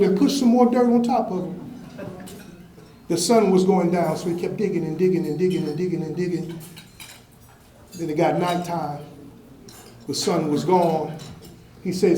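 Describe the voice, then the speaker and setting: A man's voice: high voice, fairly even intonation, brisk, warm tone. A man speaking into a microphone at a banquet, introducing an award recipient and telling a parable with emphatic, repetitive phrasing. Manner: emphatic storyteller, repeats phrases to build momentum. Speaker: fraternity member giving an award introduction. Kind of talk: banquet speech with a told parable. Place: indoor banquet hall. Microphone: handheld microphone. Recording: echoey banquet hall, faint background noise.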